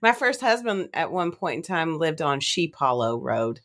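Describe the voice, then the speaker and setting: A woman's voice: low voice, big pitch swings, moderate pace. A woman from Kentucky with an Appalachian accent, hosting a casual chat and laughing often. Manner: laughs often, warm teasing.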